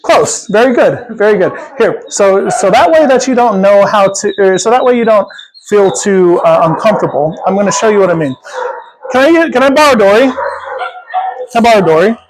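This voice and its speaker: A dog trainer coaching a client in person, encouraging and often checking in with a quick "right?". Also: medium pitch, animated, noisy background. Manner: encouraging, repeats checking questions.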